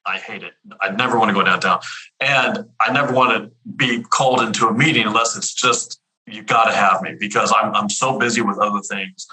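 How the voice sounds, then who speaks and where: A man in his fifties with a very bright, forward tone tells stories as a podcast guest. He talks with energy, often repeating words and restarting his sentences. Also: on the low side, a little fast, poor audio. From Houston area, US. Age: 50s. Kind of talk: casual storytelling interview.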